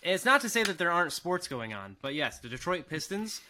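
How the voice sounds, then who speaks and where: This is a man hosting a casual sports podcast with a bright, lively voice that rises and falls a lot. He is upbeat and animated and chats loosely with his co-hosts. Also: high voice, brisk. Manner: upbeat, animated intro delivery. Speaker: podcast host.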